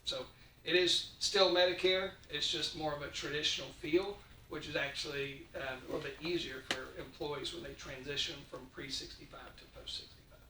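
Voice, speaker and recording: Consultant man, bright and a bit high, plain explainer, recorded far off in a reverberant meeting room. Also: fairly even intonation, moderate pace. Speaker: insurance consultant. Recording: echoey room, distant mic, faint noise.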